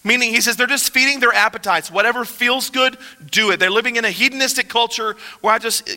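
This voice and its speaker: A man preaching a sermon as a pastor, talking with passion and moving from quiet, low asides to emphatic, rising lines. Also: a little fast, hardly any pauses, in a large hall. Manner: impassioned, shifts between soft and emphatic.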